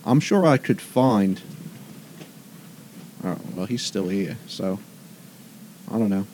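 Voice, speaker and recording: A man at a tabletop game, talking through plans in a relaxed voice and trailing into fillers as he thinks aloud. His pitch moves expressively, and a faint noise runs underneath. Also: slow, poor audio. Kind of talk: casual tabletop game chat, partly in character.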